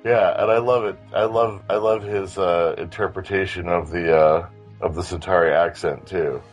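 A man's voice: low-pitched, steady tone, moderate pace, soft background music. A man in a casual fan discussion, talking with enthusiasm and rambling through many restarts.

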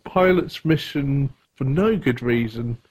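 A man's voice: medium pitch, slow, darkish tone, husky. A man co-hosting a podcast, reading listener feedback aloud in a casual way and laughing often. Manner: chuckles often while reading. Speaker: podcast co-host.

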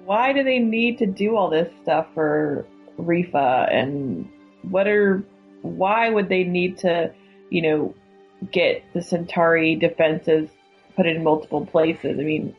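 A woman's voice: fairly low pitch, slow, husky, faint music behind. A woman in a casual fan discussion, asking curious questions. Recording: tinny phone-like line.

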